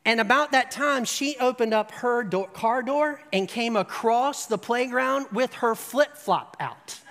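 An animated preacher tells a story, building to emphatic peaks and checking in with the listeners. The voice sits at a middling pitch and carries a long, echoing hall reverb. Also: a little slow. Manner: asks the audience "right?". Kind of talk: sermon storytelling.

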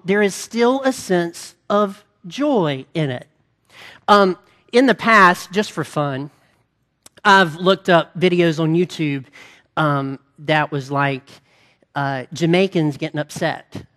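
A woman giving a casual, animated sermon, chatting and asking the audience questions. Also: mid-range voice. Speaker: preacher.

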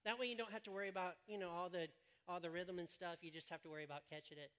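Bright-voiced, joking pastor. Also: male voice, high voice, fairly even intonation, very fast. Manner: joking, rambling storyteller. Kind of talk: sermon. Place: church stage.

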